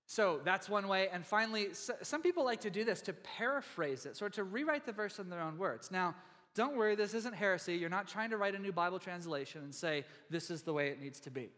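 A man preaching a sermon to his church in a relaxed, conversational way, with many fillers and restarts. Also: sits high, a little fast. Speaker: pastor. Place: church sanctuary. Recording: long hall reverb in a church.

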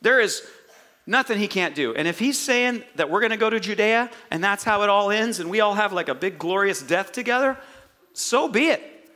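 An eager young male disciple, fearless and rallying his friends, put on by a preacher. The voice sits a bit high and rings bright with excitement. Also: moderate pace, in a large hall. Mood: fired up.

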